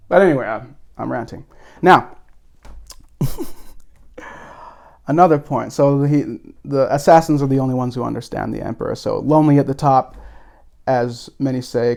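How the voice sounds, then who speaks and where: A man's voice: medium pitch, moderate pace, creaky, darkish tone. A man hosting a video, talking through a movie in a rambling, casual, tongue-in-cheek way. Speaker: video host.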